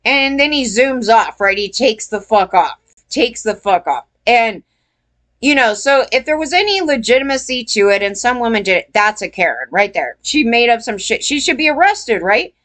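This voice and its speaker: A woman's voice: fairly high pitch, animated, moderate pace, a bit bright. A woman vlogger telling a story in a casual, rambling rant, emphatic and full of swearing.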